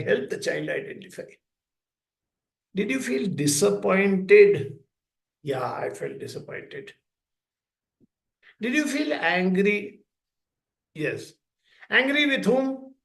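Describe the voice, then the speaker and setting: A man giving a talk at a school, speaking slowly and deliberately and acting out short dialogues between a parent and a child. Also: sits high, vocal fry. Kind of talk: lecture with plain everyday examples. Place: school hall. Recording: echoey room.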